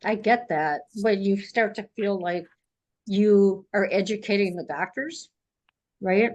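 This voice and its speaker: A woman's voice: mid-range voice, takes it slowly, a little mellow, highs cut off. A woman interviewing a guest in casual conversation, sympathetic and a little hesitant, restarting her sentences.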